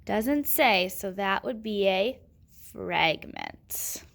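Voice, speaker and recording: A woman's voice: fairly high pitch, expressive, measured pace, vocal fry, a bit bright. A woman teaching a grammar lesson, patiently asking questions and answering them herself.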